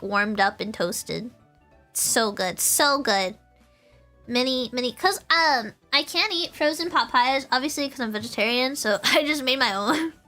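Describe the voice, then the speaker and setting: A woman streaming from home, chatting in a playful, rambling way with plenty of laughs. Her voice is bright and sits a little high. Soft music plays quietly behind her. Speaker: vtuber streamer. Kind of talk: casual chat with stream chat.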